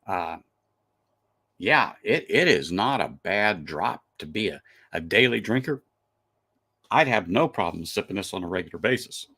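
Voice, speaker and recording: A man's voice: deep voice, moderate pace, pauses often, slightly rough. Laid-back man chatting on a whiskey stream. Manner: relaxed and chatty, with frequent restarts and fillers. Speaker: whiskey reviewer and live stream host. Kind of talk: casual live stream chat.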